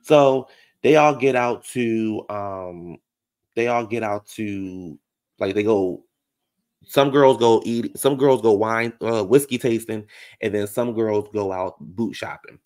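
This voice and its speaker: A man's voice: on the low side, slow, darkish tone. A man doing a casual, sassy reality show recap, gossiping and calling his listeners baby and honey.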